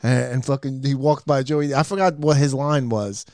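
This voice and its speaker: A man's voice: mid-range voice, normal speed, no room sound, studio quality. A man telling profane stories in comedy podcast banter, acting out quotes as he goes. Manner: animated storyteller, profane, acts out quotes. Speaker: podcast guest or co-host. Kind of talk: casual comedy podcast chat.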